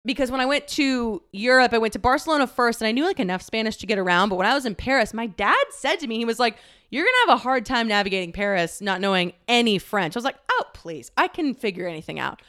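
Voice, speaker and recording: A woman's voice: a little high, animated, fast, fairly bright tone, clean tone. A young woman telling a personal story, candid and emotional, laughing often and close to tears.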